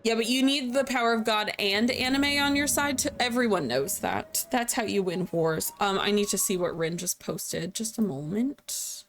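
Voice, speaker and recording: A woman's voice: medium pitch, moderate pace, few pauses, fairly bright tone. A sleepy young woman streaming a game, joking around, laughing and chatting with her viewers. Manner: chatty, joking, laughs often, reads chat aloud. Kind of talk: casual live-stream game commentary.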